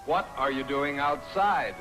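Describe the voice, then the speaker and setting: An actor playing a dry, quick-witted army sergeant in a 1950s film comedy who gives the orders. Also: male voice, mid-range voice, over music, lightly acted, low-quality recording. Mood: wry. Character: wry, take-charge male army sergeant.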